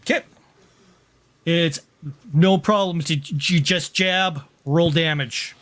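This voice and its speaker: A man with a notably high voice narrates as game master of a tabletop game. He takes his time and restarts his sentences, slipping in short acted cries for the enemies. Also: slow, fairly bright tone.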